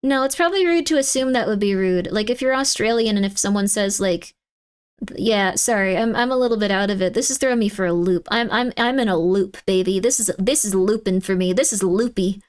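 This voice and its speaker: A woman chats casually on a live stream, rambling in exasperated disbelief as her voice keeps jumping up in pitch. Her delivery is brisk and smooth.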